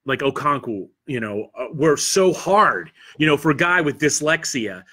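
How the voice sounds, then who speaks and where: A man's voice: a little high, expressive, normal speed, sharp tone. A man from Pennsylvania with a Pennsylvania accent, hosting a convention livestream alone and chatting loosely as he reads viewer comments, rambling and self-deprecating with lots of fillers and restarts. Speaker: convention podcast host. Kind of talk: solo livestream chat reading viewer comments. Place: studio.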